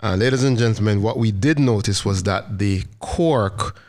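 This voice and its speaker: Male co-host, lower voice, relaxed explainer of wine basics. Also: moderate pace. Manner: explains wine terms, gently teaching. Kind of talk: casual chat.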